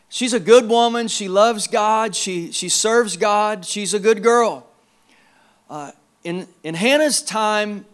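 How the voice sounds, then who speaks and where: A male pastor preaching a sermon in a church service, emphatic, repeating words and swinging between quiet and loud. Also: sits high.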